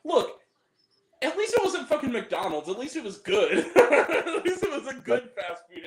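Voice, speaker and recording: A man with a high, bouncing voice that swings all over as he hosts a casual stream. He riffs loudly, swears with relish and breaks into giggles. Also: big pitch swings, moderate pace, reverberant, a crowd in the background, rough recording. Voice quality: crude, loud, giggly banter. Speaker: host. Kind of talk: casual profane chat.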